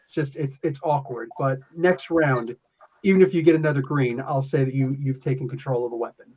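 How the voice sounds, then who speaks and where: A man's voice: medium pitch, a little fast, a little mellow. A man acting as game master, describing the action in a casual, rambling way with restarts. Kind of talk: running a tabletop game session. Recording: lo-fi podcast audio.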